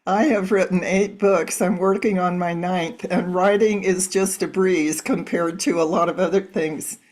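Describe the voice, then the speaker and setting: A woman's voice: lowish voice, steady tone, unhurried, darkish tone. A middle-aged woman hosting an interview, reading an introduction and asking prepared questions. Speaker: host.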